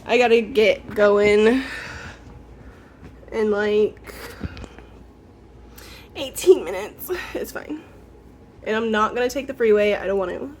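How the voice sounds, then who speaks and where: A woman's voice: medium pitch, slow pace, pauses often, darkish tone, slight background noise. A young woman vlogging casually to camera at home, chatty and self-deprecating, nervous before a job interview. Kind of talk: casual vlog chat to camera.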